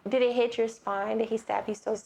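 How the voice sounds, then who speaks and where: A woman co-hosting a comedic movie recap podcast, animated and acting out scenes. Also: fairly high pitch, fairly quick, gravelly, rough recording. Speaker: podcast co-host.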